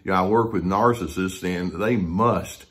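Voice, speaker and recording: Man in his 60s, lowish voice, therapist recounting a memory, gentle, hesitant, reflective monologue. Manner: gentle, unhurried, frequent hesitations.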